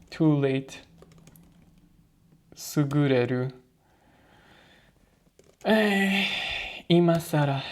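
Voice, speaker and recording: A man's voice: medium pitch, vocal fry, darkish tone. A man reviewing vocabulary flashcards on his own, thinking aloud and muttering answers to himself. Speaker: language learner reviewing flashcards. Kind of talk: casual study session vlog.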